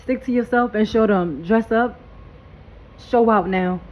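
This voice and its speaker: A woman's voice: on the high side, measured pace, highs cut off. A woman doing a casual spiritual reading vlog, hyped and blunt, talking in slang and swearing freely. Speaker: tarot reader.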